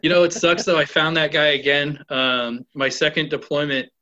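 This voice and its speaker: A middle-aged man spins a story in a bright, forceful voice. He tells it with animation, jumping into the voices of the people he quotes. The sound is dull and lo-fi. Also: fairly high pitch, fairly even intonation, moderate pace. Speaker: guest. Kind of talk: casual storytelling.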